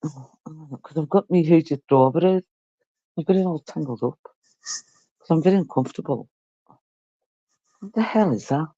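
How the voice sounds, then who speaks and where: A woman's voice: sits low, moderate pace, pauses often, dark tone, slightly rough, no room sound, highs cut off. A woman talking casually and bluntly to her live-stream viewers, swearing freely.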